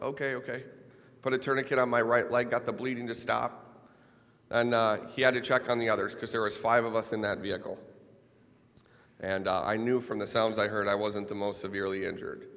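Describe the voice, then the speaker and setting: A man's voice: on the low side, fairly bright tone. A man from Minnesota giving a keynote speech, telling a personal story with wry, self-deprecating humor. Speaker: keynote speaker. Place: large event hall. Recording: long hall reverb.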